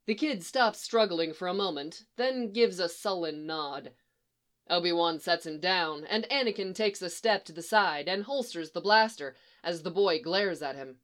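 A woman reading a story aloud with an expressive, animated delivery. Her voice sits a little low but swings widely up and down as she tells it. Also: normal speed. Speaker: narrator. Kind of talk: storybook reading of fan fiction.

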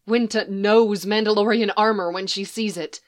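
A woman reading fan fiction aloud in a soft, even storytelling manner. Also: medium pitch, moderate pace. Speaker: reader.

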